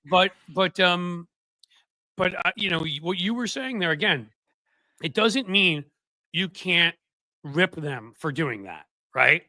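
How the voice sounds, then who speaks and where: Sarcastic bright-voiced male political host. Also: high voice, slow pace, no room sound. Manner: sarcastic, rambling, animated. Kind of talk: casual political chat.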